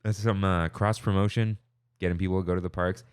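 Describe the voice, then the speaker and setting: Speaking a little fast in a low, smooth voice with fairly even intonation, a man hosts a casual podcast. He rambles in an upbeat way and often cuts himself off, and the audio is studio quality with no echo.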